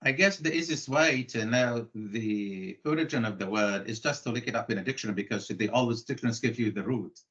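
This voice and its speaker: Man in mid range, calm expert lecturing, muffled call audio. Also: medium pitch, a little fast, few pauses. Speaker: English language expert. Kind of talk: discussion in an online exchange.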